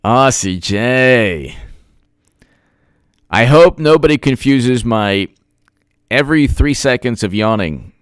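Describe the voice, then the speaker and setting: A man's voice: medium pitch, animated, slow, pauses often, clear, resonant tone, no room sound. A man doing sarcastic live-stream commentary, reading chat and mocking people with put-on voices. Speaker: political commentator.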